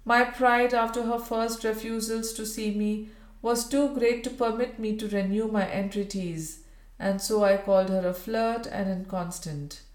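A woman reading the part of a proud, grieving Victorian gentleman, earnest and formal, in a roomy space. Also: a little high, steady tone, a little slow, pitched above the performer's own voice, natural voice. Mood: grave. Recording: roomy echo.

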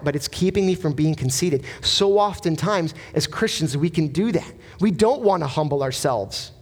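Male pastor, high voice, earnest emphatic sermon delivery, rhetorical questions.

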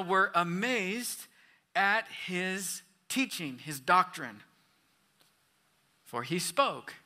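A man's voice: high voice, bright, forceful tone. A man pastor preaching a sermon, reading scripture and asking questions of the congregation with emphatic rises and falls.

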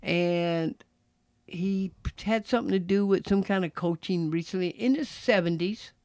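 Brief: middle-aged Texas-raised ex-jockey, gravelly, relaxed storyteller, dry close mic. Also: male voice, sits high, no echo. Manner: relaxed, drawn-out storytelling with asides. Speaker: former jockey, interview guest. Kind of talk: casual storytelling.

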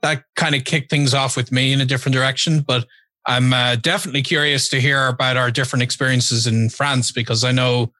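Man, bright dry voice, hesitant and curious conversational questioner. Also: mid-range voice, steady tone, fairly quick, no echo. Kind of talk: casual podcast conversation.

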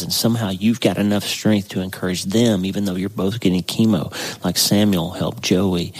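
A man's voice: low voice, fairly even intonation, slightly rough, poor audio. A middle-aged man hosting a devotional podcast, reading scripture verses and talking earnestly to encourage listeners. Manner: earnest, encouraging, reads verses slowly and stresses words. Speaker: podcast host. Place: indoors by a window.

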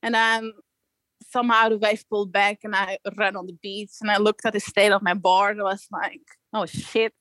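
A young Belgian guest surfer with a mid-range voice tells a casual surfing story at a moderate pace. She's animated, frequently laughing and acting out what others said. No echo, but poor audio.

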